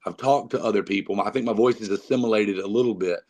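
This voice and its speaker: A man's voice: on the low side, quick pace, darkish tone. A man with a North Carolina Southern accent, chatting as a podcast guest and rambling with many fillers and restarts. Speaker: guest musician. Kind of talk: casual podcast chat.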